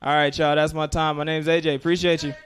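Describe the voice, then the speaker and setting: A man's voice: a little high, flat delivery, quick pace. A man doing a stand-up comedy set with a profane, laid-back delivery.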